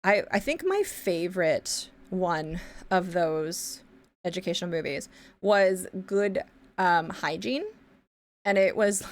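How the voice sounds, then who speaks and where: A woman's voice: mid-range voice, animated, slow. A young woman streaming her pixel art, chatting in a rambly way, swearing casually and humming to herself as she draws. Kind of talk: casual chat while drawing pixel art.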